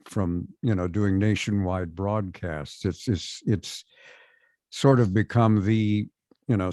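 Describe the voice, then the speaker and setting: A man's voice: lowish voice, warm tone, dry recording, clean studio sound. An older man with a standard American accent, speaking as a voice actor guest in an interview, thoughtful and anecdotal. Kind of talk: interview conversation.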